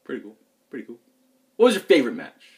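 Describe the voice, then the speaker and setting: A man's voice: mid-range voice, huge pitch swings, fast talker, darkish tone. A young man, a pro gamer, talking in a loose, rambling and frank vlog chat. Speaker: pro gamer vlogging about tournaments.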